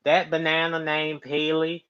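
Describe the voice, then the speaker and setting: A man's voice: a little high, completely flat delivery, unhurried, fairly bright tone, smooth. A man chatting casually on a stream, rambling and laughing often. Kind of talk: casual live-stream chat. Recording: slightly dull lo-fi mic.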